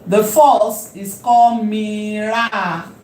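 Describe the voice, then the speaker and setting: A woman teaching a language lesson, repeating key terms slowly and emphatically. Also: mid-range voice, steady tone, a little mellow, a little hiss or hum. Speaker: Hebrew teacher. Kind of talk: classroom lecture. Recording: echoey room with faint ambience.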